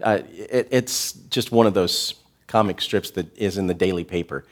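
A man preaching a sermon as a pastor, earnest and direct with the congregation, slowing down to stress key words. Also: low-pitched. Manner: talks directly to the congregation with asides.

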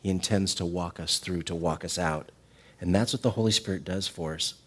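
A man's voice: low-pitched, brisk, breathy edge. Man preaching with big swings. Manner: animated preaching, swings from loud emphatic peaks to soft tender passages. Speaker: pastor. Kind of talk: sermon.

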